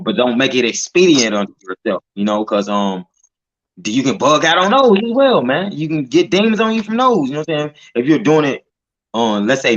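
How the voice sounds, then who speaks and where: A man's voice: medium pitch, highs cut off. A man telling testimonies in casual slang, tagging his lines with "man" and "you know", with some profanity. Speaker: street preacher in group discussion.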